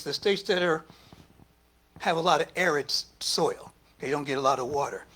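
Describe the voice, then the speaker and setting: A man with a notably high voice delivers a sermon in a loose, conversational way. He swings from hushed, almost whispered asides up to loud, emphatic bursts when he acts out what others said. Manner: conversational preaching, rising to emphatic quoted speech and dropping to near whispers. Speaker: speaker at a spiritual center service. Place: church hall.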